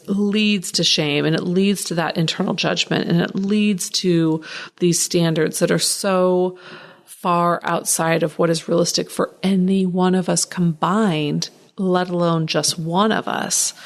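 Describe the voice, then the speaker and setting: A woman hosting a solo podcast, talking in an animated way, ranting at times and laughing often. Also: on the low side, creaky. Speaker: podcast host.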